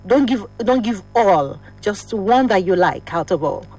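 A woman's voice: mid-range voice, animated, unhurried, dark tone, faint music behind. A woman hosting a call-in radio show, chatty and playful, coaxing answers from young callers.

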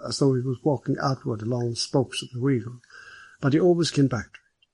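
Husky male audiobook narrator. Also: mid-range voice, warm tone, no room sound.

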